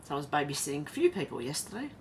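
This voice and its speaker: Racing along with big swings in pitch, an Australian woman with a low, darkish voice hosts a casual livestream. She reads out viewer comments and chats between them, and slight background noise is present.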